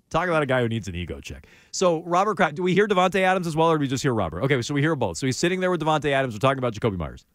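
A man's voice: on the high side, sing-song, rapid-fire, a bit bright, no room sound. A man co-hosting a sports talk show, sarcastic and jokey in casual banter. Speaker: sports radio co-host.

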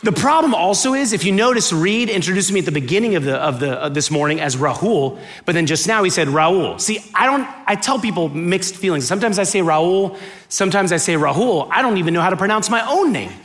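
High-voiced guy from miami preaching, super animated, jokes and acts out conversations for the crowd. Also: fast, hardly any pauses. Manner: animated, joking, acts out dialogue. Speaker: guest preacher. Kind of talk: sermon with comic storytelling. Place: church auditorium with live audience.

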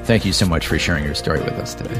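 A man hosting a faith radio interview, gently thanking his guests. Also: very deep voice, very fast. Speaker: radio show host. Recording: radio studio with music bed.

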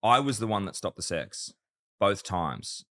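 A man's voice: on the low side, big pitch swings, measured pace, fairly bright tone. A young man chatting as a podcast guest, telling his side of events defensively. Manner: defensive, storytelling. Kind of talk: casual chat.

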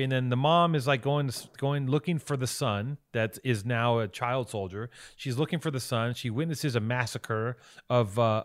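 A man co-hosting a podcast, giving a rambling, profane and excited recap of a movie in casual chat. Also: medium pitch. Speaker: podcast co-host.

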